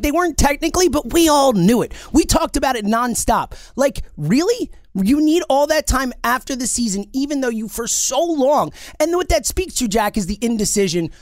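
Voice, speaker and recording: A man co-hosting a sports podcast, ranting in an animated, exasperated way. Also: very high-pitched, no room sound, studio quality. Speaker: podcast co-host. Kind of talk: heated sports chat.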